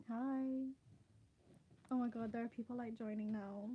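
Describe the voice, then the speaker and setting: A woman's voice: fairly high pitch, fairly even intonation, a little slow, long pauses, narrow, tinny audio. A young woman on a casual livestream, distraught and rambling, with nervous laughter and lots of fillers, talking from her phone. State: emotionally distraught.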